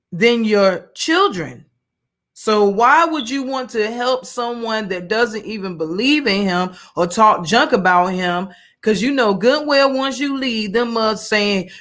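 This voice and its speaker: A woman's voice: medium pitch, a bit bright. Woman preaching in a loose, rambling way. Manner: conversational, many fillers and restarts, colloquial. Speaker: women's Bible study teacher. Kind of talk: informal sermon with personal story.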